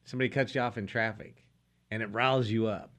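A man co-hosting a faith talk show as pastor, calmly explaining the lesson in everyday examples. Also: lowish voice, fast. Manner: calm, explanatory, draws out lessons. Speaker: pastor, co-host.

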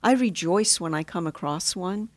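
Woman therapist guest, lowish voice, dry studio sound, calm and measured. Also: no echo. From United States. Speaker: marriage and family therapist, guest. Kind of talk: casual interview chat, storytelling.

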